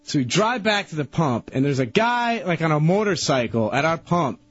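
A man on a radio show telling a rambling, excitable story, restarting his sentences a lot. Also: on the high side, normal speed, breathy edge, no room sound, soft background music. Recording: dull lo-fi radio broadcast.

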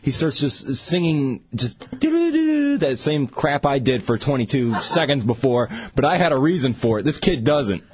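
A man's voice: mid-range voice, normal speed, few pauses, breathy edge. A man on a radio show's crew, complaining with annoyance about a noisy coworker. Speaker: studio crew member. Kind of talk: casual radio banter. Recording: dull radio studio sound.

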